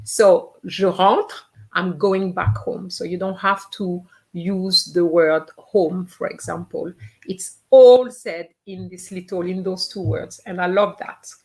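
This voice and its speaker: Slow, patient woman teacher. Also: lowish voice, gravelly, a little mellow. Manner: patient, repeats each phrase slowly to model pronunciation. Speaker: French teacher. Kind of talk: live online language lesson.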